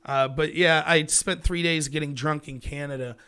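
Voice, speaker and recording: Through a headset, a thirties-aged Pittsburgh-accented livestream host from Pennsylvania, USA chats loosely, solo, with his viewers. His voice is fairly high, bright, forceful and smooth, at normal speed with fairly even intonation. The talk rambles, and he chuckles a lot.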